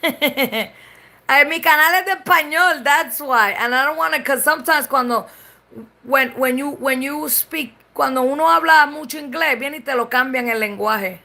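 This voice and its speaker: Puerto Rican woman, live-stream chat, bright, sharp tone, bilingual code-switching, blunt. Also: sits high, moderate pace, gravelly. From Puerto Rico. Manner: switches between English and Spanish mid-sentence; blunt and swears freely.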